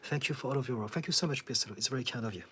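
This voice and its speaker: Calm, husky-voiced male therapist. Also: medium pitch, racing. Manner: calm, steady and reassuring, with frequent light laughs. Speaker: therapist hosting a live Q&A. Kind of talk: live-stream Q&A, reading chat comments.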